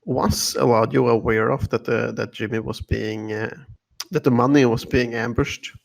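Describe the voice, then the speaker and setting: A male podcast co-host in casual chat, with a mid-range voice and a lot of vocal fry. He rambles, restarts his sentences and laughs between points. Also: medium pitch, steady tone, normal speed. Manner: rambling, many fillers and restarts, laughs often.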